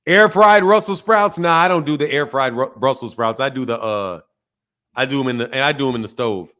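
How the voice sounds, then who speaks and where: A man's voice: mid-range voice, fairly quick, sharp tone. A man hosting a boxing channel who chats loosely and jokes with his viewers, using plenty of slang and laughing often. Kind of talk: casual livestream chat.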